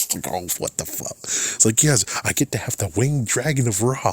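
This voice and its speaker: A young man with a lowish voice gives a loose, rambling review of a show episode. He is excitable, swears freely and keeps cracking himself up. The sound is dry and close. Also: moderate pace, long pauses, husky, no echo.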